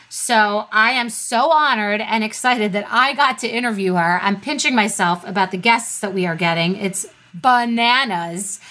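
A woman's voice: medium pitch, fairly bright tone. A woman hosts a podcast, speaking candidly and emotionally in short repeated statements. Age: 50s. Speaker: podcast host. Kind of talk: personal monologue and interview.

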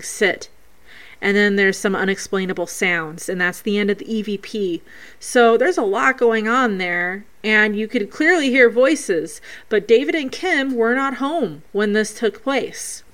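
A woman's voice: mid-range voice, unhurried, a bit bright. A woman hosting a paranormal show, earnestly reading out a listener's ghost recording and breaking down each sound step by step.

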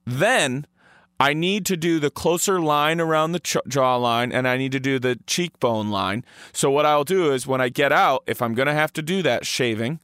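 This male podcast co-host rambles playfully in casual chat, leaning on plenty of fillers. His voice is medium-pitched and fairly bright, clear and resonant, at a normal speed. It's studio quality with no echo.

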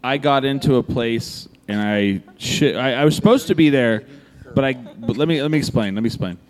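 A man's voice: medium pitch, normal speed. A man telling a long story in casual chat, cursing freely and acting out both sides of a conversation. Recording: long echoey reverb.

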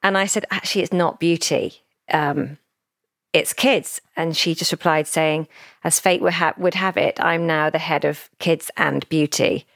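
Animated woman with a gravelly low voice. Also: measured pace, dry recording, clean studio sound. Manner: animated, emotional storyteller who acts out quoted speech. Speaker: founder of a children's brand, podcast guest. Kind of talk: casual interview storytelling.

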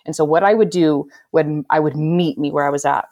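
Woman, very low pitch, podcast guest, emphatic, heartfelt, spiritual self-help talk. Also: steady tone, brisk, few pauses, a little mellow. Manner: emphatic and heartfelt, with frequent "like" fillers.

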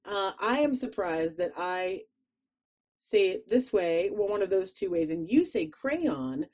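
A woman with a Chicago accent, chatting casually as a podcast co-host, animated and quick to laugh. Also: mid-range voice. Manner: animated, laughs often, playful. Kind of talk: casual chat.

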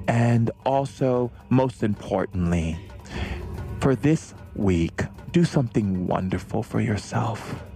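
A man's voice: fairly low pitch, a little mellow. A man hosting a podcast, giving an effusive, affectionate spiritual monologue. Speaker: podcast host.

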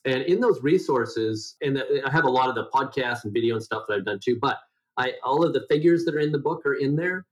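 A man's voice: brisk, poor audio. Rambling middle-aged man, nasal voice. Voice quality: self-described high nasal voice. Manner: rambling, many restarts and fillers. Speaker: guest health educator. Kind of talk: conversational interview.

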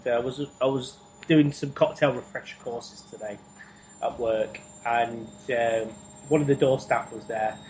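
A man's voice: mid-range voice, a little hiss or hum, poor audio. A man on a podcast call telling a long, rambling anecdote, tripping over repeated words. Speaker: podcast co-host. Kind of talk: casual chat. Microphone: Skype call.

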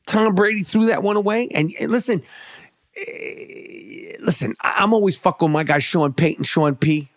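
A man's voice: sits high, brisk, few pauses, dry recording, studio quality. A man giving a brash, profane, hyped-up rant about the football weekend and his fantasy team. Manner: brash, swearing, hyped, repetitive. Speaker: sports commentator.

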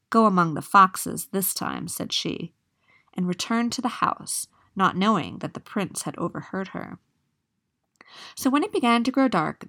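A woman's voice: medium pitch, fairly bright tone. Woman reading a fairy tale aloud. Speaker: storyteller.

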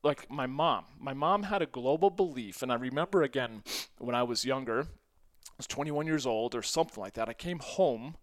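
A man's voice: medium pitch, moderate pace. A man in his forties talks through a solo podcast episode in a loose, conversational way. He is self-deprecating and breaks into short laughs between phrases. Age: 40s. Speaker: podcast host. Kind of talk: casual solo podcast monologue.

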